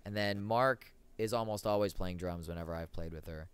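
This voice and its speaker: A man's voice: deep voice, brisk, slight background noise. A young man, a podcast guest and musician, chatting casually and acting out quoted voices as he tells a story.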